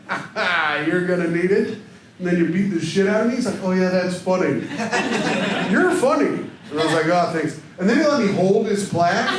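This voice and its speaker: A man in his thirties from Indiana telling self-deprecating stories in a stand-up set, jumping into loud character voices. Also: high voice, background noise. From Indiana, USA. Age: 30s. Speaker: stand-up comedian hosting a show. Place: comedy club stage. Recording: very echoey live club recording with audience laughter. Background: crowd laughter.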